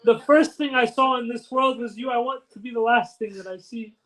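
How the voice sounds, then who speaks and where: A wounded, devoted warrior speaks with earnest pleading, as a male preacher puts him on in his own high voice. The delivery is grave and quiet, set inside a spoken sermon rather than a drama. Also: steady tone, a little fast, rough recording.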